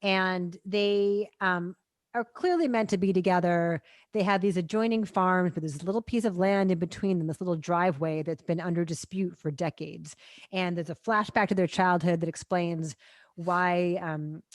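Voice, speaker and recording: A woman co-hosting a film review podcast, talking in a casual, sarcastic and animated way with frequent laughs. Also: lowish voice, moderate pace, no echo, clean studio sound. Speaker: film critic podcast co-host.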